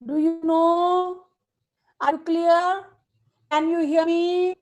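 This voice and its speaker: A woman with a Nepali accent teaching young children in an online class over a video call, slowly dictating words one by one and repeating them. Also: extremely high pitch, little pitch movement, a little mellow. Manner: slow, repetitive dictation to students.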